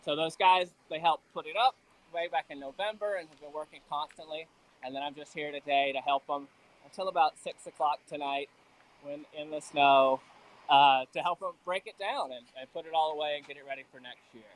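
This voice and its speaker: High-voiced man with a Southern accent. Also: brisk, low-quality recording. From Alabama. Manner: chatty, self-deprecating. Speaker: field reporter. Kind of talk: live on-location report. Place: outdoors at a ski lift.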